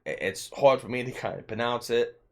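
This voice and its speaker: A man with a slight lisp delivers heated, emphatic commentary as the host of his own channel. His voice sits at an everyday middle pitch, and he now and then swears for emphasis. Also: brisk. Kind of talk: opinion commentary.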